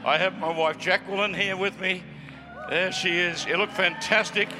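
A man in his seventies with an Australian accent, preaching as a guest pastor, joking with the crowd and rising to fervent shouts. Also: sits high, fairly even intonation, moderate pace, in a large hall, over music. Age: 70s. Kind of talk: sermon with joking banter.

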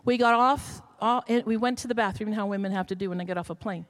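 A woman's voice: mid-range voice, fast. A middle-aged woman pastor, telling a story in a sermon that builds to emphatic calls.

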